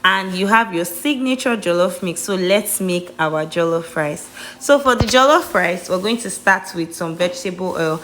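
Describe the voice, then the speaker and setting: A woman's voice: on the low side, animated, normal speed, a bit bright, slight background noise. Chatty Nigerian woman cooking vlogger. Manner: chatty, emphatic, playful. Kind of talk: cooking tutorial voice-over.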